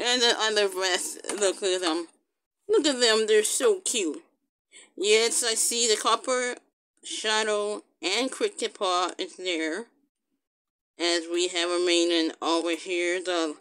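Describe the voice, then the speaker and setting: Female, game host, casual commentary, unhurried, baby talk, humming. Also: medium pitch, fairly bright tone, clear, resonant tone.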